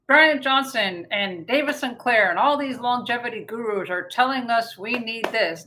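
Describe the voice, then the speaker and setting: A woman's voice: fairly high pitch, normal speed, poor audio. A woman in her fifties, a naturopathic doctor hosting a casual live-stream, talking chattily to viewers and acting out her own thoughts. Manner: chatty and animated, with many fillers and quoted self-talk. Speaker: naturopathic doctor and show host.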